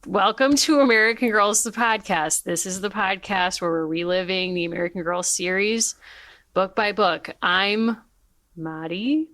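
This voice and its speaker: A young woman co-hosting a podcast in a casual, animated chat, joking and poking fun at herself. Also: medium pitch, measured pace. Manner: animated, joking and self-mocking. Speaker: podcast co-host.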